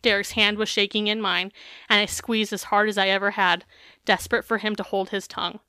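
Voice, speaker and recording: A woman hosting a podcast, her voice bright and crisp. She reads a memoir excerpt aloud, then drifts into loose, candid chat full of fillers and the odd curse. The sound is dry and close. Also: mid-range voice, flat delivery, brisk, no echo. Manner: candid, swears freely, filler-heavy. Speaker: podcast co-host.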